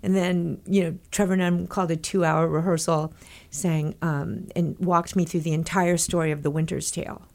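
An older woman from Texas tells stories as an interview guest, her voice sitting a little low. She is lively and laughs often, and she acts out what other people said. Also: normal speed, gravelly, few pauses. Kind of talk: animated storytelling in an interview.

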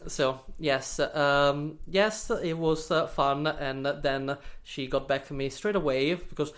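A man's voice: a little high, slow. Italian man telling stories with lots of fillers. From Italy. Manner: animated, many fillers, playful sarcasm. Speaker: podcast guest. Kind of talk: storytelling in casual interview.

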